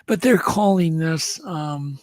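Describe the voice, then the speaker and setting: A man co-hosting a podcast runs through news items in chatty, rambling casual talk, restarting often. His voice is on the high side with lively intonation, his delivery slow, and the recording dry.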